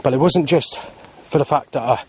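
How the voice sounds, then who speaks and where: A man's voice: on the high side, a little fast, darkish tone, slightly rough. Agitated man rambling in a vlog. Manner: agitated, rambling, many fillers and restarts. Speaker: vlogger. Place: outdoors in the heat.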